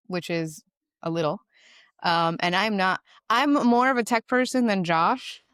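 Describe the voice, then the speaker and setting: A young woman hosts in a smooth, clear voice that sits a little low. She talks in a chatty, easy way, with a laugh now and then. The sound is dry and close to the mic. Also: a bit bright, dry recording. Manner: friendly, chatty, laughs while asking. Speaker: podcast co-host. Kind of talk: casual podcast chat.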